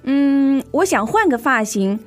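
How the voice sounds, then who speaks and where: A fussy young salon customer, played by a woman in a scripted lesson dialogue, doubtful and always bargaining. Her voice sits high and swings widely in pitch. Faint music plays underneath. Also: sing-song, measured pace. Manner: doubtful, haggling.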